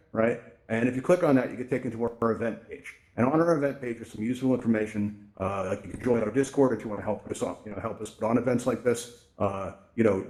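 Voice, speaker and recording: A man's voice: mid-range voice, darkish tone. A middle-aged man giving a casual tech presentation at a virtual reality event, chatty and often asking "right?", speaking into a headset microphone. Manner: chatty, acts out quoted voices, says "right?" a lot.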